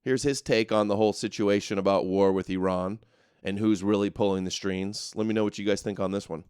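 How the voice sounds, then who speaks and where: A man's voice: on the low side, steady tone, darkish tone, clear, resonant tone, no room sound, clean studio sound. A man hosting a live commentary show, reacting to clips in a mocking, sarcastic way. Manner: mocking, sarcastic, quick asides. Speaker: show host.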